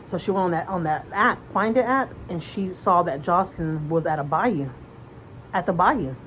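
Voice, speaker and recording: Low-voiced woman vlogger, rambling and earnest. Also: moderate pace, fairly bright tone, a little hiss or hum, rough recording. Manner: rambling, full of fillers and restarts; earnest, conversational retelling. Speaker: mother vlogger. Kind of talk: casual storytelling chat.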